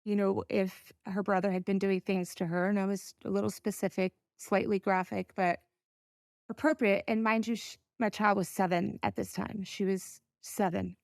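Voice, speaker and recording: A middle-aged woman, a podcast guest, telling a personal story in an earnest, halting way with pauses to gather herself. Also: mid-range voice, level tone, vocal fry, no room sound, studio quality.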